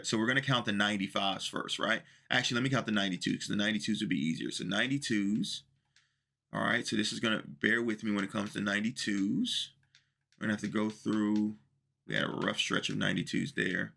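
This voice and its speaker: Man, gaming commentary, low voice, forceful bright tone, chatty, thinks aloud, faint music behind. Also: gravelly. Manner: chatty, talks through his math aloud. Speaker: gaming video creator. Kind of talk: casual commentary to viewers while opening packs.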